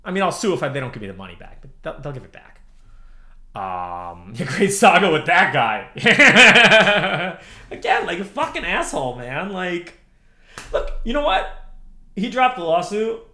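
A man's voice: fairly high pitch, sharp tone. A man in his thirties ranting on a livestream, heated and profane, repeating himself as he answers chat. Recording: roomy echo.

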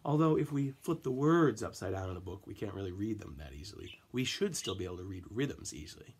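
A man teaching a music lesson to children, counting in and chanting rhythm syllables with gentle encouragement. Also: lowish voice, expressive, fast talker, slightly rough.

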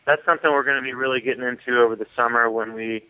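A man's voice: mid-range voice, steady tone, racing, no echo. Man on a dull phone line. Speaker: phone-in guest, clothing company founder. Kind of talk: phone interview.

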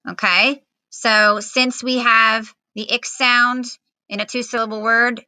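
A woman's voice: on the high side, steady tone, slow pace, sharp tone, clean tone, no echo, low-quality recording. A woman teacher giving a recorded phonics lesson to children at home, patiently spelling out words with fillers.

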